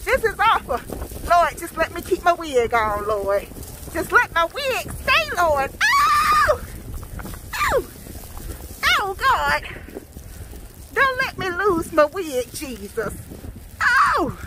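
A woman's voice: very high-pitched, sing-song, takes it slowly, very noisy. A Southern American woman vlogging outdoors in the snow, exclaiming dramatically and calling out to her viewers as she walks with her phone. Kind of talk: casual vlog, talking to camera.

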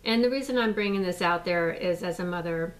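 A woman's voice: lowish voice, a little fast. Distant-sounding American woman, rambling. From United States. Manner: rambling, with many fillers and restarts. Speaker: mother speaking out. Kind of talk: casual spoken statement.

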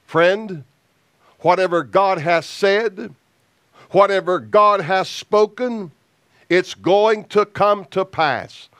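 A man preaching a sermon as an evangelist, slow and emphatic with deliberate pauses. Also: sits high, a bit bright, no echo.

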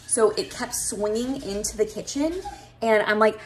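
A woman's voice: medium pitch, normal speed. Chatty young woman vlogging at home. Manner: chatty, rambling, with fillers and laughs. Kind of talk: casual home vlog. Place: house being moved into.

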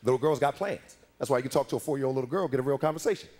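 A male stand-up comedian in his thirties telling profane, animated stories about his daughters on a club stage. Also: mid-range voice, rapid-fire. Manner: profane, animated storytelling with voices.

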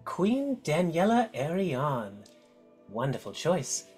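A man's voice: on the high side, sing-song, slow pace, a little mellow, husky, soft background music, voice pushed up, full character voice. A man voicing a giant ancient witch overlady, stately and welcoming, in a tabletop game. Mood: grand welcoming.

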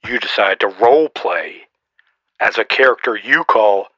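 A man's voice: lowish voice, lively intonation, measured pace, pushed and bright, no room sound, highs cut off, full character voice. A man voicing a boastful, snarky old male Santa Claus, roasting people in a mock-stern way for a comedy podcast sketch.

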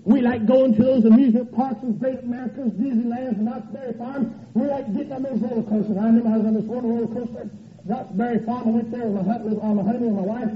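A man preaching a revival sermon in a church, folksy and joking, swinging from loud to soft. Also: very high-pitched, steady tone, fast talker, a crowd in the background. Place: church sanctuary. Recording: echoey church, dull old tape.

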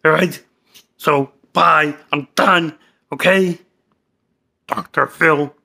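Brief: man as a short-fused, crude young guy, gravelly and bright, slow drawl. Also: on the high side, steady tone, heavily acted. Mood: insulting. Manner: cursing, insulting, short-tempered. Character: angry young man, crude, hot-tempered. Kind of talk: comedy skit.

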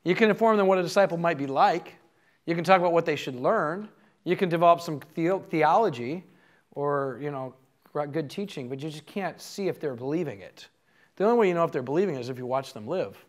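A man's voice: a little high, animated, brisk. A man giving a conversational teaching talk to a live audience, telling stories in an earnest way. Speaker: conference speaker.

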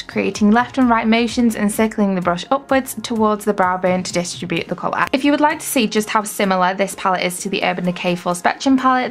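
A woman's voice: on the high side, a bit bright. A young woman narrating a makeup tutorial in a bubbly, gushing, chatty way. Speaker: makeup vlogger.

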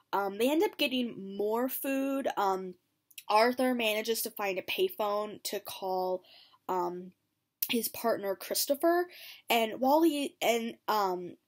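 Woman, mid-pitched, casual reaction host, chatty and giggly, voices quotes with extra pep. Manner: chatty, giggly, lots of ums and likes; acts out quotes in lively higher voices. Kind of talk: casual episode recap.

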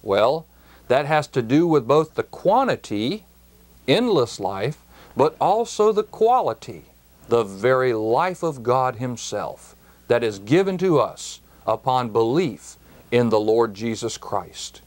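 A male Bible teacher speaks at a very unhurried, deliberate pace, weighing every phrase. His tone is earnest and emphatic, climbing sharply on the words he wants to stress, then settling back to a medium-pitched, steady delivery. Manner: earnest, emphatic, drawn-out preaching with rising emphasis on key words.

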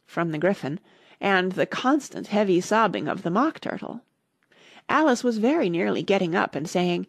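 A woman narrating a classic storybook with steady, unhurried storytelling. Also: lowish voice, vocal fry, dry recording, clean studio sound. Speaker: audiobook narrator.

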